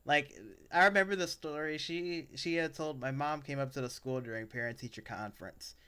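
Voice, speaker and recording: A man's voice: fairly high pitch, fairly even intonation, fairly quick, pushed and bright, clear, resonant tone. A young adult man co-hosting a podcast, telling personal stories in a casual chat that rambles, with lots of fillers and restarts. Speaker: podcast co-host.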